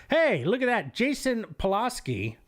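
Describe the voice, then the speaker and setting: Slow-talking, animated male streamer. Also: very high voice. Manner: jokey, laughs often, reads chat aloud. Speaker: livestream host. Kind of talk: livestream commentary reading chat logs.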